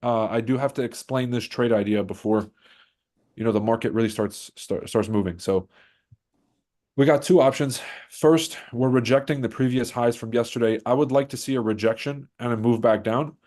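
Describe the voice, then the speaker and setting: A man's voice: mid-range voice, moderate pace, a little mellow. Stuffed-up male streamer, brash hype-man host of a casual trading stream. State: stuffed-up nose. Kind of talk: casual livestream commentary.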